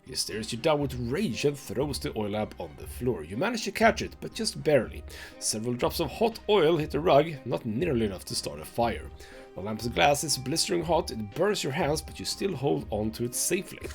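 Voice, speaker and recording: A man playing a narrative game, reading its story text aloud and thinking out loud about his choices, with mild swearing. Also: medium pitch, sing-song, moderate pace, gravelly, soft background music. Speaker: gaming channel host.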